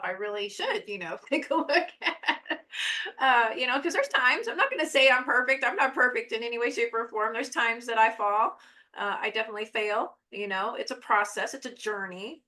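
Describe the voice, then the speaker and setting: A woman's voice: mid-range voice, pushed and bright. A woman hosting a podcast interview who responds to her guest in a self-deprecating way, with frequent fillers. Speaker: podcast host.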